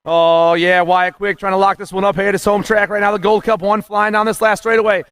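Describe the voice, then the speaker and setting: A man calling live races as the announcer, excited and punchy, rattling off names and nicknames. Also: sits high, fast, no echo, studio quality. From USA. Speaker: race announcer. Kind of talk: live race commentary.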